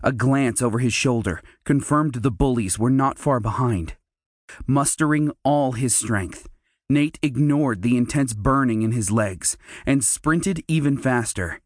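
A man narrating a children's fantasy audiobook in a measured, storytelling manner. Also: mid-range voice, dry recording. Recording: dry close studio mic.

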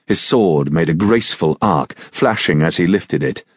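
A man narrates a novel in a measured, steady way. His voice is extremely deep and husky, recorded close and dry with no room sound. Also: no echo. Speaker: audiobook narrator. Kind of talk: scripted narration.

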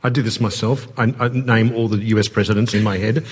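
A man's voice: on the low side, fairly even intonation, quick pace, breathy edge. A man with an Australian accent hosting a radio interview, asking curious, playful questions.

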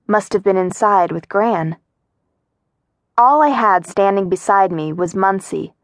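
A woman narrating a story in the first person as an audiobook reader, with a steady storytelling manner that lifts for dialogue. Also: medium pitch, unhurried, dry recording, clean studio sound.

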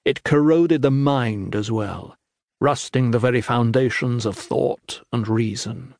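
A man narrating an epic fantasy audiobook in a measured, grave manner. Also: mid-range voice, gravelly, a little mellow, no room sound, clean studio sound. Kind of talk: scripted narration.

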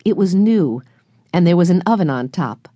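A woman narrating a children's audiobook with clear, expressive storytelling, recorded close in a studio. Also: fairly low pitch, normal speed, dry recording. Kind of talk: scripted narration of a children's book.

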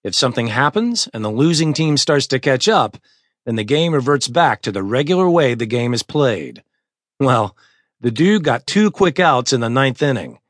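A man reading a first-person audiobook in a measured, deliberate voice at a middle pitch. The studio sound is dry and close, with no room echo. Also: big pitch swings, a bit bright. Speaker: audiobook narrator.

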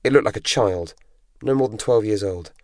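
A man narrating an audiobook in a measured, dramatic storytelling manner. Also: lowish voice, a little mellow, dry recording. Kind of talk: scripted narration. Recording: dry close studio recording.

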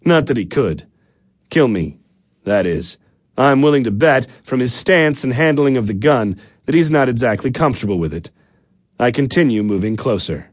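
A man narrates a comic first-person audiobook, wry and sardonic. His pitch rises and falls with lively animation. The studio sound is close and dry, with no room tone. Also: moderate pace, no echo.

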